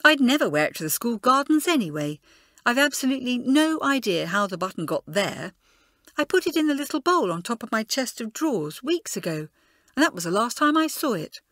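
A woman's voice: mid-range voice, big pitch swings, moderate pace, no echo, studio quality. A woman voicing a hot-tempered, spirited schoolgirl who speaks crossly and indignantly.

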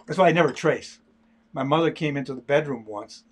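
The speaker is an older man drawing during a livestream, chatting casually in a fairly high, breathy-edged voice at a slightly fast clip. He talks haltingly and repeats words a lot.

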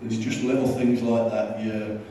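A man's voice: fairly low pitch, level tone, measured pace, dark tone, a little hiss or hum. A man, a former football manager, telling dry, understated anecdotes on stage at a live podcast. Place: live event venue. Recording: roomy live hall from far off.

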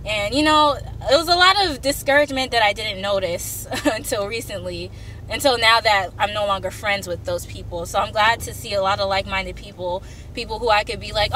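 A woman's voice: mid-range voice, a little fast, sharp tone, a little hiss or hum. A young woman vlogging casually to her camera from her parked car, chatty and heartfelt with many ums and likes. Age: young adult. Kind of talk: casual vlog talk to camera. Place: parked car in a parking deck.

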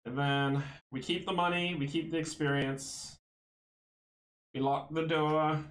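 A man's voice: fairly high pitch, steady tone, unhurried, fairly bright tone, reverberant, poor audio. A man playing a tabletop board game solo, thinking aloud, counting out moves and chuckling often.

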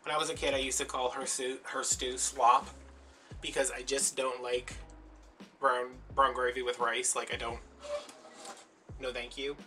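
A man's voice: mid-range voice, little pitch movement, unhurried, pauses often, pushed and bright. A man telling a rambling, chatty story with lots of fillers while he works on a craft project. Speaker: craft vlogger. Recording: mic at a distance with clear background music.

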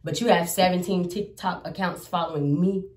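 A young adult woman, a comedian, telling a personal story in a casual vlog. She is animated and profane and swings between loud outbursts and low asides. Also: moderate pace, recorded from a distance. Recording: echoey room, voice off from the mic.

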